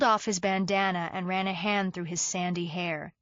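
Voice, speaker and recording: A woman's voice: fairly low pitch, steady tone, moderate pace, hardly any pauses, a bit bright, no room sound, dull audio. Wry woman narrating an audiobook. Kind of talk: first-person audiobook narration.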